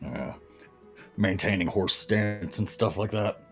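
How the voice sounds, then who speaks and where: A man's voice: fairly low pitch, slow pace, soft background music. A man playing a tabletop game, talking hesitantly with many fillers and a playful tone. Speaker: player. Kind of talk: casual tabletop role-play.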